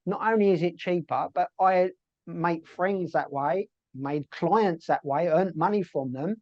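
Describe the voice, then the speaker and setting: A man's voice: a little high, a little slow, darkish tone, dry recording, lo-fi sound. A middle-aged British man telling stories in a casual interview, full of fillers and restarts. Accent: British English. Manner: chatty storyteller, many fillers and restarts. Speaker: interview guest.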